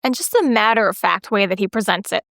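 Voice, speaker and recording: A woman co-hosting a book podcast, animated and playfully acting out bits of the story. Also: mid-range voice, fast, vocal fry, no room sound, clean studio sound. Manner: animated, acts out lines in playful voices. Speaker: podcast co-host. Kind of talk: casual book discussion.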